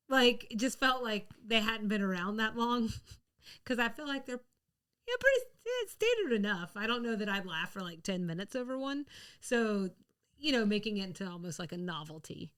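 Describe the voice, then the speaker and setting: A woman co-hosting a podcast in casual chat, chatty and quick to laugh. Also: mid-range voice, expressive, fairly bright tone, clean tone. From the American South. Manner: chatty, laughs often, rambling restarts. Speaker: podcast co-host.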